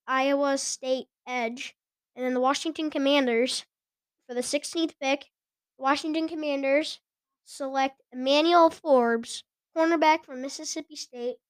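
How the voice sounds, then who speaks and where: A woman's voice: sits high, dry recording, clean studio sound. A woman hosting a casual podcast, chatting and giggling as she stumbles over names. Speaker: podcast host. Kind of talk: casual sports chat.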